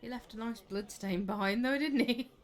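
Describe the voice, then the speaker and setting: A woman's voice: fairly high pitch, moderate pace. A young woman chatting casually and laughing easily while she plays and comments on a video game. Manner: chatty, giggly, exclaims at the game. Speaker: game streamer. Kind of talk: casual live gameplay commentary. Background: game music.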